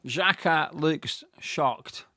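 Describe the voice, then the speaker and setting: A man giving live fan commentary on a football match, excitable and swearing freely, bursting into shouts at big moments. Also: on the high side, extremely slow, no room sound.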